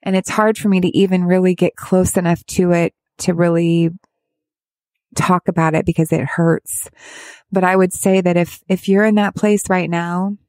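Heartfelt halting mother, dry close sound. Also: lowish voice, level tone, darkish tone, dry recording. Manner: halting, heartfelt, many restarts. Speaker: parent of a child with addiction. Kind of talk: candid personal advice talk.

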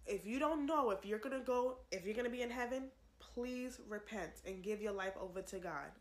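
A woman's voice: mid-range voice, brisk. A young woman giving an earnest religious testimony to camera, pleading with viewers and repeating herself for emphasis. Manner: earnest, repetitive, pleading, addresses viewers as y'all.

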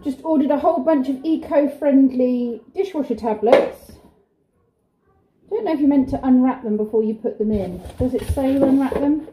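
A high-pitched but dark-toned woman from the UK, middle-aged, vlogs casually at home while coaxing toddlers in a sing-song way. Speaking at normal speed in the kitchen and playroom, she talks about her day, with slight noise in the background.

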